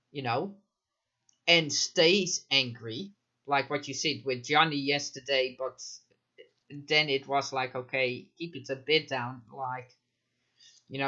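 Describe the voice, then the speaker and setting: A man's voice: on the high side, sharp tone, dull audio. A man commenting live in a casual chat, emphatic, firing off rhetorical questions and frequent fillers. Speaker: mental health commentator.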